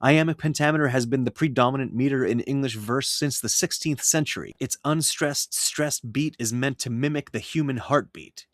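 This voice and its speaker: A man teaching how to write poetry in meter, speaking in a measured, scripted way and reading verse aloud with clear rhythm. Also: mid-range voice, no echo, clean studio sound. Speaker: writing teacher. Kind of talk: scripted lesson narration.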